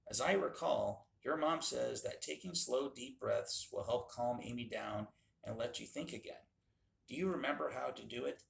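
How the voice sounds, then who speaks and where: A man voicing a kind, gentle older woman in a storybook reading, in an echoey room. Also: mid-range voice, normal speed, gravelly, slight background noise.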